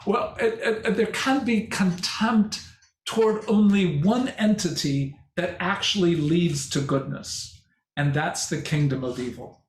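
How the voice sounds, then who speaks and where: An older man giving a conference talk and answering questions, speaking slowly and reflectively with halting restarts. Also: sits high. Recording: echoey hall with faint noise.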